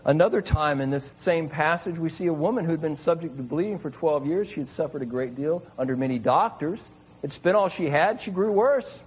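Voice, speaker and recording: A man's voice: fairly high pitch, lively intonation, fairly quick, husky, poor audio. A man preaching a sermon, retelling scripture in an earnest, emphatic way with repeated phrases. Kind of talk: sermon reading and explaining scripture.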